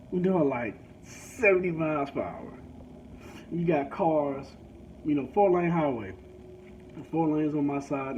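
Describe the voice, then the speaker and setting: A man from a rural country town telling a crude, swearing rant while driving. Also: mid-range voice. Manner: crude, animated, swears freely. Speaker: vlogger. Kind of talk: profane storytelling rant. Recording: dull lo-fi sound, faint noise.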